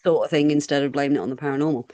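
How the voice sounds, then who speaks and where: Woman, podcast guest, rambling storyteller, chatty, fairly low voice. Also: fairly even intonation, rapid-fire, warm tone. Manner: rambling, chatty, with quoted asides. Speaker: guest paranormal researcher. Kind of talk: casual storytelling interview.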